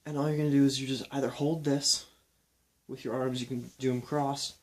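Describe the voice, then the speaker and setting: A young man explaining and demonstrating ab exercises in a casual, relaxed way while counting reps aloud. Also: medium pitch, a little fast. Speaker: fitness instructor.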